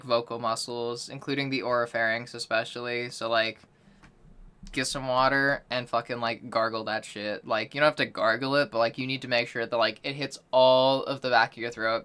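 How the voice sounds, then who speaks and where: Very low-pitched, bright-edged woman streamer. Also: steady tone, moderate pace, smooth. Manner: loose, chatty, swears casually, reads out chat; self-deprecating, apologetic about being out of practice. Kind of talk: casual livestream chat during voice training.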